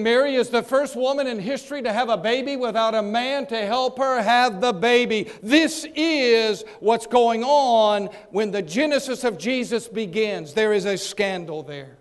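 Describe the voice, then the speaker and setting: A man preaching a sermon, acting out the people in the story and swinging between loud and soft. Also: very high-pitched, unhurried. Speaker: pastor.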